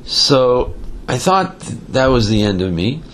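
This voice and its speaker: A man teaching a Torah class, telling a story with lively voices and sprinkling in Hebrew and Yiddish terms. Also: medium pitch, slow pace, a little hiss or hum.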